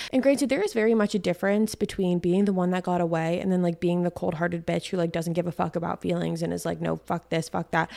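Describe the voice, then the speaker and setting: Young woman podcast host, lowish voice w lots of vocal fry, slangy chatty storytelling. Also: dark tone. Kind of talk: casual chat monologue.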